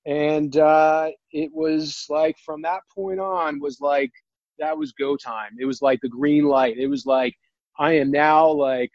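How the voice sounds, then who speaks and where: Earnest man telling a story, halting. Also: a little high, steady tone, darkish tone, no echo, highs cut off. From New Jersey. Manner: earnest, halting, full of restarts and "like". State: near tears. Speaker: guest. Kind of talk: emotional personal storytelling.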